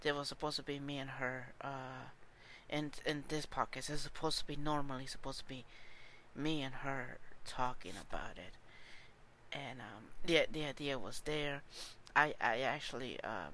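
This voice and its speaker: Brief: male podcast host, casual solo talk, stumbling and frank, bright sound. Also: medium pitch, moderate pace, slight background noise. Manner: hesitant, many fillers and restarts; candid and informal.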